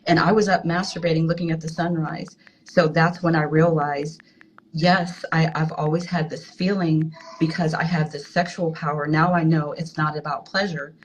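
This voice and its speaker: A woman candidly telling a personal story in a halting way, often restarting her sentences. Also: sits low, fairly even intonation, slight background noise, low-quality recording. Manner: halting, frank, with many restarts. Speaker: guest sharing a personal story.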